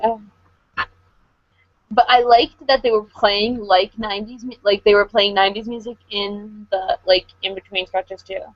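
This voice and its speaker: A woman's voice: medium pitch, flat delivery, a little slow, no echo. Young female podcast co-host, casual, lots of likes, dull dry recording. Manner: filler-heavy, lots of "like" and "um". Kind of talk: casual chat.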